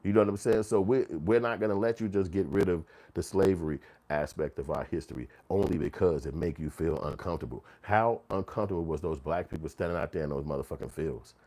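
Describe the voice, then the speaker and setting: A man's voice: deep voice, quick pace, few pauses, warm tone. A man hosting a commentary channel, ranting heatedly and profanely, sometimes acting out quotes in mocking voices. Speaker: channel host.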